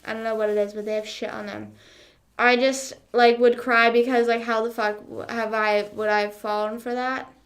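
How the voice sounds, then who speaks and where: A woman's voice: fairly high pitch, level tone, normal speed. A young woman livestreamer chatting casually with her viewers, sarcastic, full of fillers and swearing. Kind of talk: casual chat with live viewers.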